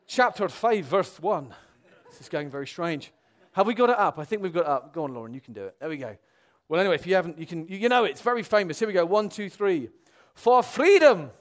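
Delivering a sermon to the congregation, this young man is earnest and animated, moving between loud exclamations and hushed, serious tones. His voice runs a little high.

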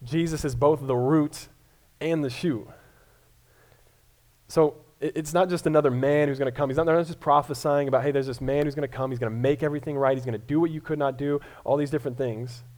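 A young pastor from Colorado preaches in a conversational, self-mocking manner, often stammering and restarting. His voice is fairly high, steady, and slightly mellow, and he moves along at a fairly quick clip.

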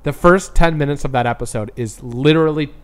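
A man hosting a casual podcast, tasting beer and telling stories with lively animation and casual swearing. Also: on the high side, a little fast. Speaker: podcast host.

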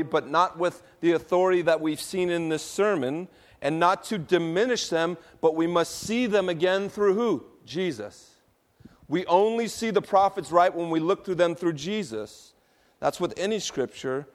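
A man preaching a sermon to his church, drawing the congregation into call-and-response and moving between soft, low passages and loud ones. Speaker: pastor.

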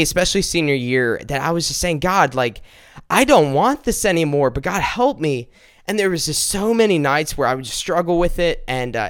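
A young adult man, a minister, giving an earnest personal testimony on a podcast, halting often and restarting his sentences. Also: on the high side, clear, resonant tone, no echo, clean studio sound.

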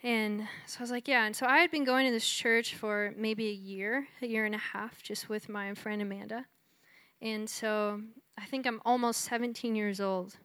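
A woman's voice: a little high, fairly even intonation, normal speed, fairly bright tone, clean tone, dry recording. A woman from Texas giving a conversational testimony in a sermon, telling her story with lots of "like" and "you know". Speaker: speaker sharing her testimony.

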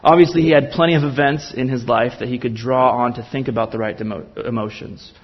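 A man preaches a sermon with earnest, impassioned drive and builds his points through emphatic repetition. His voice sits at a middle pitch, and the recording sounds slightly dull. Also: steady tone, quick pace, husky. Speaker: pastor.

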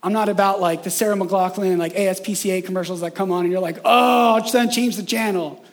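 High-voiced conversational male preacher. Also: level tone, fast. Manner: conversational, frequent "right?" tags, acts out imagined voices. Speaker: pastor. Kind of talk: sermon.

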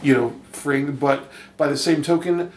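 A man's voice: fairly high pitch, unhurried, slight background noise. A man chatting casually about films as a podcast co-host, agreeable and rambling. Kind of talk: casual film discussion. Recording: roomy echo.

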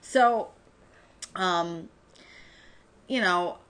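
A woman's voice: fairly low pitch, very slow. A woman co-hosting a podcast, chatting casually as she recaps a TV episode, swearing a lot and acting out the characters' lines. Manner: profane, animated, acts out characters' lines. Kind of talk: casual chat.

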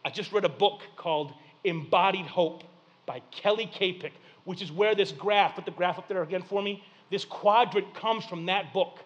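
A man preaching a sermon as pastor, talking in plain folksy speech and moving between loud, lively preaching and quiet, hushed storytelling. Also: high-pitched, normal speed, lo-fi sound.

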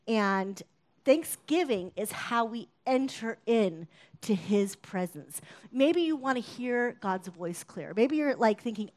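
A woman with a fairly high voice preaches in a chatty, conversational way. She talks her listeners through a sermon like a friend sharing stories, now and then raising her voice to act out a shouted line. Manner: conversational, acts out shouted quotes.

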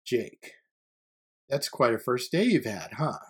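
A stern yet kind female principal from a storybook, put on by a man narrating. She talks firmly and with measured authority, pitched a bit higher than an ordinary narrating voice. A husky, breathy grain stays under her lines. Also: big pitch swings, full character voice.

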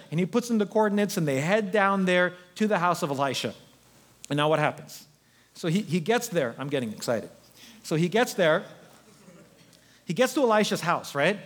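A man preaching a sermon as pastor in an animated, conversational storytelling way. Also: high-pitched, moderate pace, breathy edge.

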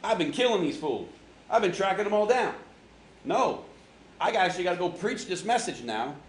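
A man's voice: high-pitched, sing-song, normal speed, a little hiss or hum. A man voicing a zealous male convert who talks in a casual, slangy way, in a roomy hall. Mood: alarmed.

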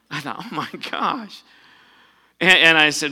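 Male pastor, bright and forceful tone, casual sermon delivery with emphatic swells. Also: a little high, moderate pace, long pauses. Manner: conversational preaching, rising to emphatic peaks.

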